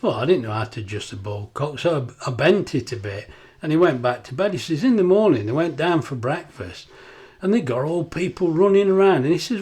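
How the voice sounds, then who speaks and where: A man's voice: fairly high pitch, lively intonation, a little fast, a little mellow. An older man, chatting casually in a home kitchen cooking vlog, rambling into laughing anecdotes. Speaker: cooking vlogger.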